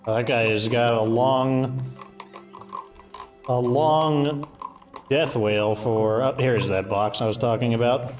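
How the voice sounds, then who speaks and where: A man's voice: medium pitch, steady tone, slow, long pauses, darkish tone. A man streaming a game, chatting casually and thinking aloud as he plays. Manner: chatty, offhand, thinks aloud while playing. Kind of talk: casual gameplay commentary.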